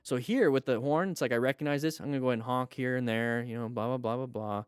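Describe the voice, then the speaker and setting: Male moto coach, casual video commentary, smooth clear voice, dry close sound, asks the viewer rhetorical questions, reacts loudly to close calls. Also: mid-range voice, fast, no room sound. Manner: conversational, teaching with rhetorical questions and sudden exclamations. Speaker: motorcycle riding coach reviewing ride videos.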